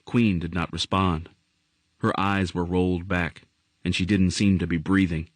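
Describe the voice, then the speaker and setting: A man reading a novel aloud as audiobook narrator, in an expressive storytelling manner. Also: low-pitched, measured pace, no room sound. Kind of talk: scripted narration.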